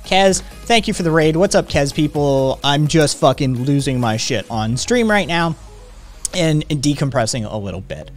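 A man's voice: fairly high pitch, lively intonation, normal speed, faint music behind. A man streaming live from home, chatting with viewers in a profane, ranting way. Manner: profane, ranting, talks to chat. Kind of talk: casual live-stream chat.

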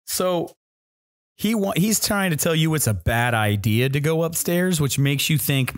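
Lively easygoing male game master. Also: on the high side, normal speed. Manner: descriptive, easygoing, often laughing. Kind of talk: narrating a tabletop game.

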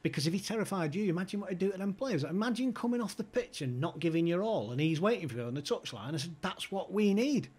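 A man's voice: high voice, expressive, fast, hardly any pauses, a little mellow, husky. A man telling stories casually, swearing and laughing as he goes. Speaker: podcast guest, former club insider. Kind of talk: casual storytelling chat.

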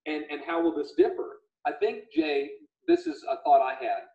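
A man hosting a casual livestream chat, animated and retelling stories in quoted voices. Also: on the high side, moderate pace, creaky. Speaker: livestream host. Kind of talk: casual video call chat. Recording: echoey room, dull lo-fi audio.

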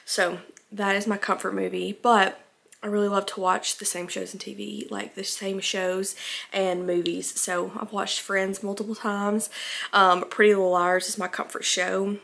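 A woman's voice: mid-range voice, level tone, moderate pace, vocal fry, fairly bright tone. A young woman from Alabama, chatting casually in a rambling home vlog, a little out of breath. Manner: rambling, filler-heavy, chatty. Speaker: vlogger.

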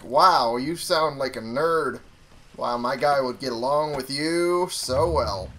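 A man's voice: medium pitch, slow pace, fairly bright tone, a little hiss or hum. A young man casually commenting on a video game he is playing, talking to his viewers and swearing freely. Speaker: gaming YouTuber.

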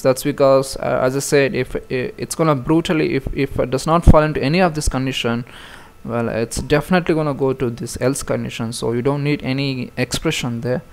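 A man explains programming steps in a relaxed, conversational way, filling pauses and restarting sentences as he works through the code on screen. His voice sits at an ordinary middle pitch, recorded close on a desktop mic. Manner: casual, talks through steps with many fillers and restarts. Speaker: programming tutor. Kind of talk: screen-recorded coding tutorial.

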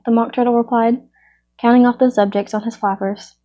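A woman reading a storybook aloud in a steady storytelling manner. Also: fairly high pitch, fairly quick. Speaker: reader. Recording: muffled lo-fi recording.

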